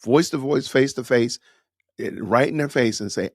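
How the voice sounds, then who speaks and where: A podcast host from Atlanta comments on a news clip, emphatic and scolding with a preacher-like cadence. He speaks in a mid-range voice at normal speed, recorded in studio quality with no room sound.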